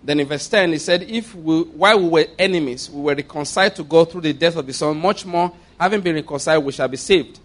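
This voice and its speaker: A middle-aged man preaching a sermon, reading scripture slowly and with heavy emphasis. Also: on the high side.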